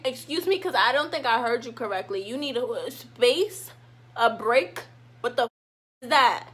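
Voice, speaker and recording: A young woman vlogger telling a casual storytime, animated, and acting out her own past lines dramatically. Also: on the high side, normal speed. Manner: animated, dramatic reenactments of herself.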